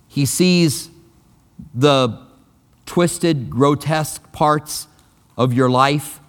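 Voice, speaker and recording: A man's voice: a little high, extremely slow. A pastor preaching a sermon in a conversational, emphatic way, often repeating his key phrases. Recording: long reverb of a large hall.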